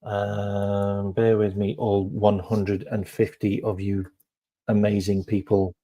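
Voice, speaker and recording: Slow-talking, mellow-voiced male streamer. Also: lowish voice, level tone. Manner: chatty, full of ums and repeated phrases. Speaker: live stream host. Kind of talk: casual live stream chat.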